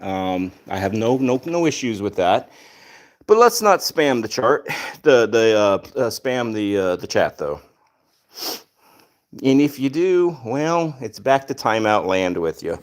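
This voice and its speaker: A man's voice: lowish voice, big pitch swings, measured pace. A man hosting a casual livestream, reading chat aloud and chatting to his cats, with dry sarcastic humor.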